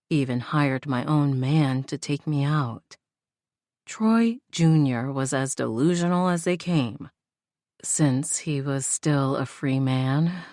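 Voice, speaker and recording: A woman narrates a first-person romance audiobook, intimate and heartfelt. Her voice sits low and moves slowly, recorded close and dry. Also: a little mellow, no room sound.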